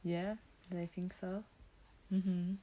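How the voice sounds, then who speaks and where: Soft, halting young woman streamer. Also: lowish voice, level tone. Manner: halting, hesitant, searching for words. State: emotional, teary. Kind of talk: casual live stream talk.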